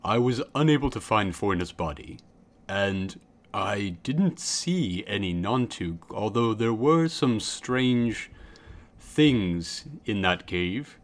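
A man voicing a composed, businesslike male guild member who speaks slowly and deliberately. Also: lowish voice, lively intonation. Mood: matter-of-fact.

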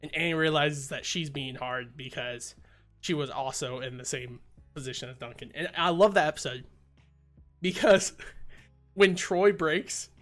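A man hosting a casual podcast, retelling a sitcom episode with lively acted-out quotes. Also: fairly high pitch, a little slow, soft background music. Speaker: podcast host.

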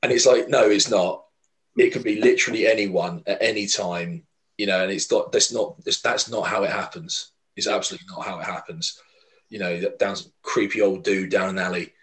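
A man's voice: deep voice, steady tone, a little fast, fairly bright tone, poor audio. A man co-hosting a podcast, talking earnestly in a rambling way with many fillers and restarts. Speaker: podcast co-host. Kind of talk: casual podcast chat.

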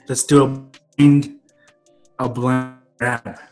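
A man chatting on a video call, excitable, often stammering and restarting his sentences. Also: medium pitch, slow, faint music behind. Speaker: guest. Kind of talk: casual chat on a video call.

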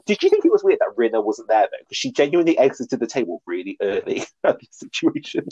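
A man's voice: medium pitch, sing-song, fast talker, dark tone, husky, dry recording, lo-fi sound. A man co-hosting a casual podcast chat, gossiping about a reality show and acting out quotes. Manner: chatty, gossipy, acts out quotes. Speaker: podcast co-host.

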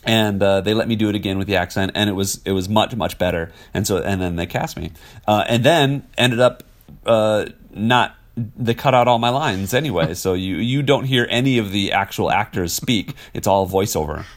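Low-voiced man telling stories. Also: normal speed. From Wisconsin, USA. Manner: rambling, many fillers, laughs often. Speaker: actor guest. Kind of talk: casual interview storytelling.

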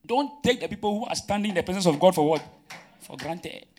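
A man preaches to his church. He fires questions for the congregation to answer and swings between loud emphatic bursts and quiet asides. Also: high voice, animated, brisk. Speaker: pastor. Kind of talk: sermon.

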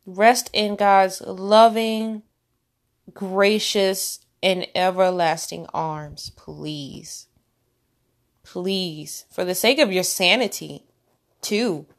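A woman's voice: medium pitch, takes it slowly. A woman hosting a faith-based podcast, talking earnestly in a preachy, rambling way with many restarts. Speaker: podcast host.

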